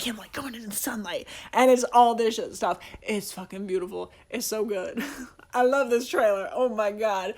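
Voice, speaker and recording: Excited young man gushing about trailers. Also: high voice. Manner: excited, gushing, swears often, rambling. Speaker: video essay host. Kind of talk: casual movie review rant.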